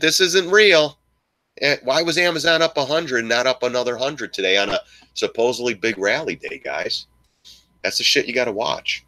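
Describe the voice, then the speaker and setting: A man giving excitable live stock market commentary to his viewers, joking and swearing as he goes. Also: medium pitch. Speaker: stock trading streamer.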